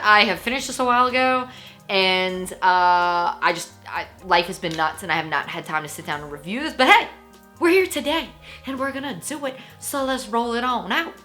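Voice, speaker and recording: A woman talks through a book review in a loose, chatty vlog style. She is animated, laughs often and fills her speech with little asides. Her voice is bright, and faint music plays underneath. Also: fairly high pitch.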